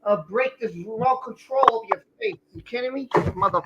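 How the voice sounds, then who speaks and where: A man's voice: extremely high pitch, expressive, a little fast, hardly any pauses, muffled recording, slight background noise. A man hosting a live stream, ranting heatedly and repeating himself as he reacts to news coverage. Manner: heated, repeats phrases, talks over the clip. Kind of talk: angry ranting commentary.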